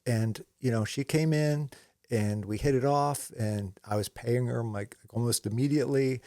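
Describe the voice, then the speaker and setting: A man's voice: mid-range voice, normal speed, warm tone, dry recording, clean studio sound. A man in a casual talk about his photography trade, telling stories in a rambling way, full of restarts and asides. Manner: rambling storyteller with many "you know"s and restarts. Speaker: commercial photographer, co-host. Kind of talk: casual conversation.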